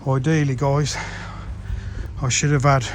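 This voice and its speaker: A man's voice: medium pitch, little pitch movement, a little slow, very noisy. A man vlogging outdoors on a building site. He talks casually to viewers as he works, with mild swearing. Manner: chatty, mild swearing, calls viewers guys. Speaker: pond builder vlogging his project. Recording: music playing underneath.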